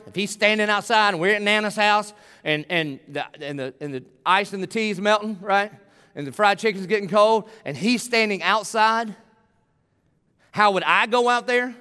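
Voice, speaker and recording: A man in middle age delivers a sermon in a high, ringing voice. He moves between conversational asides and emphatic, pleading preaching. The church's long reverb trails behind each phrase. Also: moderate pace, sharp tone, smooth. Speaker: pastor. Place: church sanctuary.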